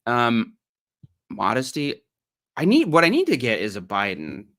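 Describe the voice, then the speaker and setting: A man's voice: medium pitch, huge pitch swings, unhurried, a bit bright. A man with an Ohio accent giving sarcastic, mocking livestream commentary on an article he reads aloud. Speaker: streamer.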